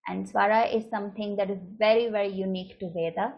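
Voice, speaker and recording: A woman's voice: mid-range voice, fairly even intonation, fast talker, gravelly. A woman teaching a lesson on chanting, explaining patiently and often checking in with "right?". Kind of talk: recorded lecture with slides. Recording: muffled lo-fi recording.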